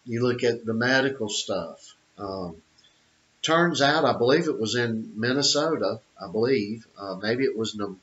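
A man's voice: on the low side, a bit bright. A middle-aged man giving an opinionated monologue, emphatic, with repeated phrases and many fillers. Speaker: channel host. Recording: dull lo-fi audio.

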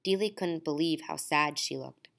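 Low-voiced woman narrating a story. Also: moderate pace, creaky. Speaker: audiobook reader. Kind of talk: scripted narration.

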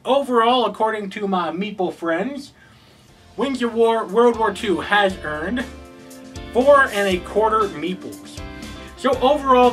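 A man's voice: high voice, fairly bright tone, far from the mic, poor audio. A man hosting a scripted board game review, upbeat, asking rhetorical questions before giving his verdicts.

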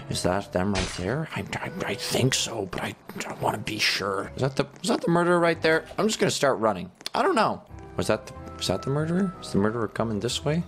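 A man hosting a gaming video, giving excitable commentary and talking to viewers, with stammered repeats. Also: mid-range voice, brisk, faint music behind.

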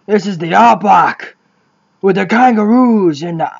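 A woman voicing a grumpy male caller from the outback, gruff and terse. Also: mid-range voice, measured pace, darkish tone, highs cut off.

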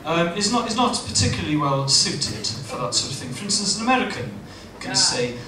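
A man's voice: high voice, fairly quick, a crowd in the background. A Welsh man doing a stand-up comedy set on stage, acting out voices for laughs in front of a live audience. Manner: lively, acts out voices for laughs. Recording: roomy live venue recording from far off.

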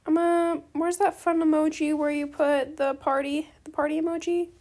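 A woman with a high, creaky voice chats loosely as she plays a game. She rambles from thought to thought, tosses in slang like bestie and slay, and apologizes and gushes freely. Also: level tone, normal speed, darkish tone. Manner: apologetic, gushing reactions to other players. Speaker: gaming video creator. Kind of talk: casual chat while playing a game.

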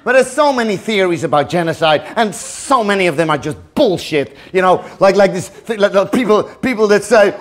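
Very high-voiced comedian. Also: male voice, lively intonation, a little fast, few pauses, a bit bright, slight background noise. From Netherlands. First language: Dutch. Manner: mock-earnest, stammering repetitions, chuckling. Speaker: stand-up comedian. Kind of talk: live stand-up comedy. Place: theater stage.

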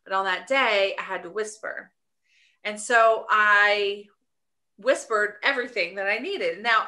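A woman's voice: mid-range voice, a little slow, bright, forceful tone. A woman, a coach and podcast co-host, talking in an earnest, searching way in a casual conversation. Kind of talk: reflective casual podcast chat.

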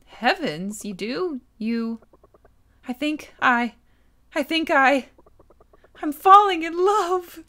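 A pompous older storyteller, puffed up and theatrical, relishing every grand phrase of his own adventures, as a woman reads him out in a game. The voice sits a touch high and carries the swagger of a braggart at the dinner table. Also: moderate pace, close to an everyday voice. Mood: delighted. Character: boastful older man spinning grand adventure tales.

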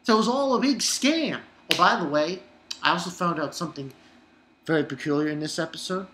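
A man talks through an anime episode in a loose, rambling way. His voice is bright and forward, and he drops in profane jokes and little chuckles. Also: on the high side, lively intonation, fairly quick, slight background noise. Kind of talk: casual rambling review.

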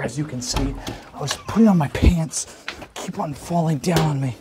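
A young man rambling through a flustered, hurried goodbye in a comedic vlog. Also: on the high side, heavy background noise.

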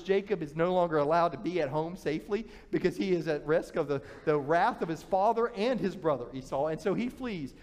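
A male pastor preaching with a high voice, telling the story in an animated way and often restarting his phrases. His words carry a long reverb from the church sanctuary. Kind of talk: sermon.

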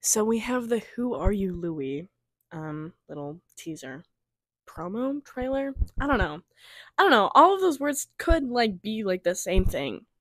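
A young woman casually chatting through a trailer review, rambling, giggling and trailing off into soft mumbles. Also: a little high, sing-song, a little slow, no room sound.

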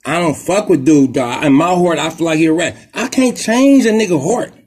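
A man from Oakland with an Oakland accent, hosting a podcast and telling a story in a rapid, profane, animated street style. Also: a little high, breathy edge. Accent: Oakland, Bay Area. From Oakland, California. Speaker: podcast host. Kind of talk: casual monologue storytelling.

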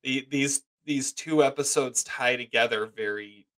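A man's voice: medium pitch, measured pace, fairly bright tone. A man co-hosting a casual podcast, playful and repeating phrases for emphasis. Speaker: podcast co-host.

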